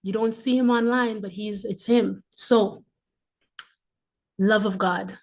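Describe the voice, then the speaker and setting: A woman in her forties hosting a livestream, telling a heartfelt personal testimony. She is emphatic and fervent, repeats phrases for stress and slips into breathy, emotional asides. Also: mid-range voice, fairly even intonation, slow pace. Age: 40s. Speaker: livestream host.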